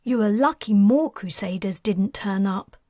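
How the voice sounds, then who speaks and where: A woman's voice: mid-range voice, unhurried, warm tone, no echo, studio quality, close to an everyday voice. A woman reading a stern, worried mother scolding her children.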